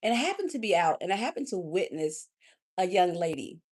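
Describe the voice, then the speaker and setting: A woman life coach hosting a live talk, preacherly and warm, calling listeners honey and baby, swinging between loud and soft. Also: fairly low pitch, sing-song, brisk.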